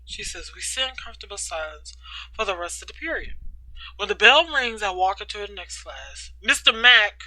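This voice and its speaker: A woman reading a teen story aloud with animated delivery, now and then breaking off to comment. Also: a little high, dry recording. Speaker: storytime reader.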